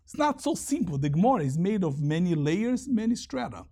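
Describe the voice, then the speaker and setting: A man leads a Talmud lesson, reading Aramaic lines and then unpacking them in English. His voice sits a little high and has a husky edge. He talks with an animated swing, climbing and dropping in pitch as he makes his points. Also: a little fast. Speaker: Talmud teacher.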